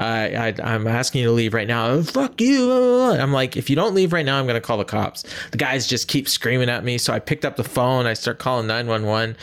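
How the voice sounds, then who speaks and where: A man's voice: on the low side, vocal fry, a bit bright. A man from Canada co-hosting a casual sports podcast, rambling with many fillers and restarts. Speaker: podcast co-host.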